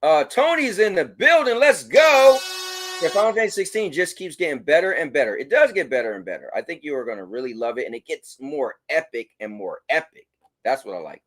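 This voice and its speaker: Guy with a pretty high voice doing his stream, reading chat, shouting people out. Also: fast. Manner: reads chat messages aloud and gives shout-outs; animated, talks to his dog. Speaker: livestream host. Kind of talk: casual livestream chat.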